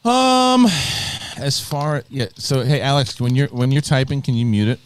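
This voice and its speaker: A man's voice: mid-range voice, normal speed, clear, resonant tone, no echo. A man hosting a live video podcast, telling stories in a casual, rambling way with lots of restarts. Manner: animated storyteller, rambling with many restarts. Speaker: host.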